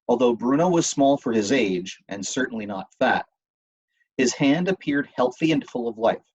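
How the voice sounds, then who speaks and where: Male reader, husky, steady audiobook narration, dull lo-fi recording. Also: mid-range voice, normal speed. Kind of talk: audiobook reading.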